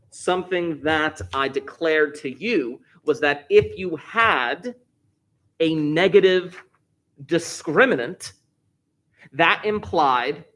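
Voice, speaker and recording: In a classroom lesson, a male math teacher guides students through a problem one step at a time, restating key points and stressing words for emphasis. His voice is a little high and fairly bright.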